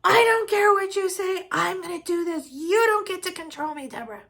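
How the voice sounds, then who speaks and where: Shrill, hostile older mother yelling at her daughter, put on by a woman. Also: normal speed, creaky, full character voice. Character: raging controlling mother, older woman, shouting.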